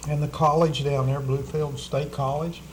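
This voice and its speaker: A man co-hosting a dinner show, talking in a relaxed, halting way with fillers and repeats. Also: a little high, a little hiss or hum, low-quality recording. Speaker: cooking show co-host. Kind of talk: casual chat over dinner.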